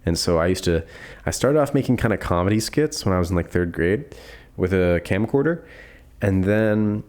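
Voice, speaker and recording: Podcast guest: man in his 20s, very deep voice, easygoing, rambling storyteller. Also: normal speed. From Florida. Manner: relaxed, rambling storyteller with laughs and fillers. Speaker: guest filmmaker. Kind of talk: casual podcast chat.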